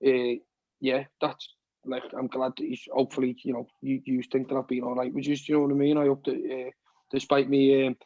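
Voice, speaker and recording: Scouse man chatting in a flat, rambling way. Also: mid-range voice, brisk, no room sound. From Liverpool, England. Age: 20s. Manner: rambling, keeps saying "you know what I mean", swears often. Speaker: guest musician. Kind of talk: casual podcast chat. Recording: dull, dry lo-fi podcast audio.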